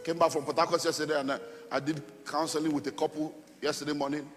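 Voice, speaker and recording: A middle-aged man preaching a sermon as pastor, emphatic and repetitive with sudden loud outbursts. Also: on the high side, level tone, quick pace. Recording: long hall reverb with faint music.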